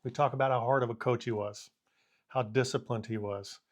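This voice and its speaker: A man's voice: mid-range voice, fairly quick. Man in his fifties telling sports stories. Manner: animated storyteller who acts out the scene with quoted lines. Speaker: former college punter and kicking coach. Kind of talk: casual anecdote telling.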